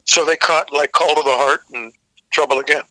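Bright, dry-voiced older rock singer. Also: male voice, on the high side, fairly even intonation, fairly quick, no room sound, rough recording. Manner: rambling anecdotal, frequent restarts, profane. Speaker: rock vocalist guest. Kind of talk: casual storytelling interview.

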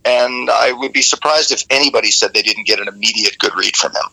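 A rock singer in an interview, telling rambling, animated stories with many restarts. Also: male voice, fairly low pitch, fast, creaky, low-quality recording. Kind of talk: casual interview storytelling.

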